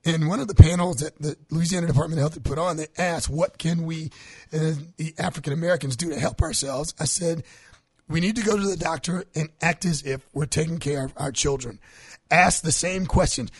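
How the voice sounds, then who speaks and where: A man's voice: a little high, brisk, husky, no room sound. A man co-hosting a health talk show, chatting casually and acting out quotes as he tells stories. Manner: animated storyteller, acts out quotes. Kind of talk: casual chat.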